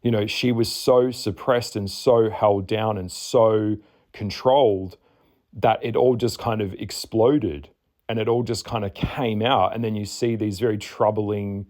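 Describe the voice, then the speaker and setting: Candid, chatty low-voiced man. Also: steady tone, unhurried, darkish tone. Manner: candid, chatty, swears, laughs often. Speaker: astrologer. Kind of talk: casual spoken chart reading.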